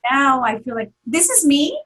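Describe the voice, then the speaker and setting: A woman's voice: sits high, very animated, normal speed, fairly bright tone, poor audio. A woman telling an emotional personal story as an interview guest, earnest, with many fillers and restarts.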